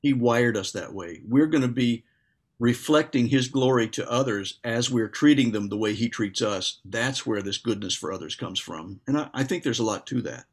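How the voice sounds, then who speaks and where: A man co-hosting a relaxed talk about faith in an everyday mid-range voice. He is earnest and agreeable, laying out his points in long, steady explanations. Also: medium pitch, normal speed, slightly rough. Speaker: co-host. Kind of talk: casual faith discussion.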